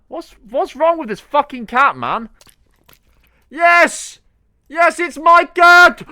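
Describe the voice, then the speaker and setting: Lively excitable young man gaming. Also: medium pitch, dry recording. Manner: excitable, chatty, swears freely. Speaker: gaming channel host. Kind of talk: let's play commentary.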